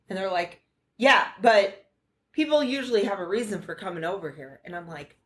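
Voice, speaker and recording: A woman from the United States telling a story on a podcast, animated and profane, acting out the dialogue as she goes. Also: mid-range voice, a little fast. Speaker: podcast co-host. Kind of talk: casual storytelling chat.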